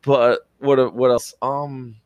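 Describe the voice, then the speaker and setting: A man telling a rambling, excitable story as a podcast co-host, swearing casually. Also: mid-range voice, slow, clean tone, no room sound, highs cut off. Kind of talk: casual chat.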